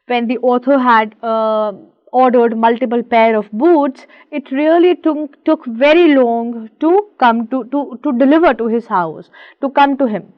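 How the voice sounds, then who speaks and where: A woman's voice: a little high, measured pace, no room sound. A woman teacher reading a short story aloud line by line and explaining each part in simple words, with many fillers. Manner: reads a line aloud then paraphrases it, with fillers. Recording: dry, dull lo-fi sound.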